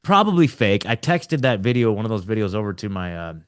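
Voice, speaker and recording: A man's voice: on the low side, very animated, fairly quick, clear, resonant tone. A young adult man hosting a casual roundtable chat, rambling with frequent restarts, often saying like and dude. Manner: rambling, laughing, restarts a lot. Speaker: podcast host.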